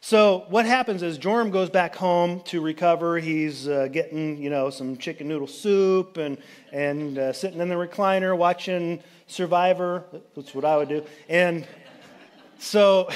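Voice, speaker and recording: A man's voice: sits high, a little slow. A man giving a sermon as a pastor, retelling a Bible story in a loose, chatty way with jokey asides. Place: church sanctuary.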